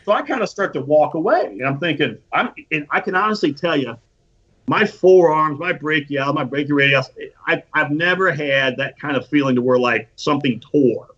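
A husky, slightly higher-pitched man spins a casual story, acting out what each person said and swearing freely. The recording sounds dull and lo-fi. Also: moderate pace. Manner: animated storytelling with profanity and acted-out quotes. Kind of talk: casual anecdote.

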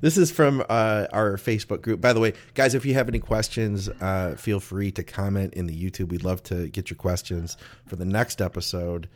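A man hosts a podcast and reads out listener questions. His manner is easygoing and jokey. His voice sits fairly low. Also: fairly even intonation, normal speed, few pauses. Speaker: podcast host. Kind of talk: casual podcast chat.

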